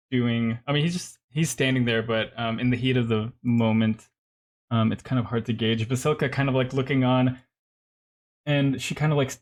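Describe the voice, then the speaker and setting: A man narrating as game master of a tabletop game, rambling and full of fillers. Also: mid-range voice.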